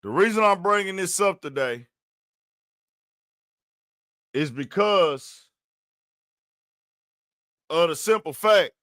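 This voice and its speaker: A man's voice: high-pitched, animated, takes it slowly, long pauses, pushed and bright, dry recording, clean studio sound. A man hosting a live stream, ranting in a fired-up way and calling out to his viewers, repeating his points. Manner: fired-up, repeats himself, calls out to the audience. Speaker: livestream host. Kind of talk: live-stream commentary rant.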